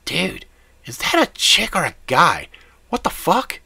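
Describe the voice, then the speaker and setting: A man voicing a foul-mouthed, excitable male sidekick who swears and panics easily. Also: high voice, unhurried, gravelly, slightly rough, no room sound, voice pushed up, heavily acted. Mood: alarmed. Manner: excitable, swearing, talks over the speaker.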